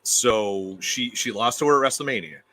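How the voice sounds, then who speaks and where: A man's voice: mid-range voice, normal speed, bright, forceful tone. A man appearing as a guest reviewer, talking in an emphatic, opinionated way and often repeating himself. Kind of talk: casual opinionated chat.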